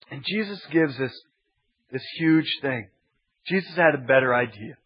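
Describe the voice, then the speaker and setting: A man's voice: mid-range voice, lively intonation, a little slow, husky. A man preaching as a pastor, teaching emphatically with building repetition. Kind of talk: expository sermon. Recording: dull lo-fi sermon recording.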